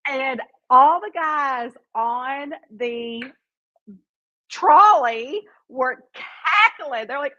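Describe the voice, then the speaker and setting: A middle-aged woman tells a story in a casual, animated way. Her voice is bright and fairly high, and it climbs even higher when she gets excited. The sound is dry and close. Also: dry recording, muffled recording. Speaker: mystery author answering reader questions.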